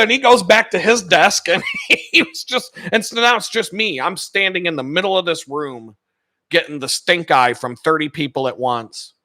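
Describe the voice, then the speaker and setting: A man telling a work story on his own channel, lively and profane, slipping into the voices of the people in it. His voice is bright and forceful, sitting a little high for a man. The sound is dry and close. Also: normal speed, no echo. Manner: animated, profane, acts out the people he quotes. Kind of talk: casual storytelling.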